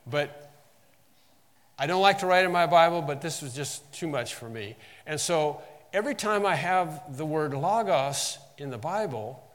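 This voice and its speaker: A pastor gives an earnest teaching sermon, slowing down to stress key phrases and dropping lower and quieter for asides. A long hall reverb colors the recording.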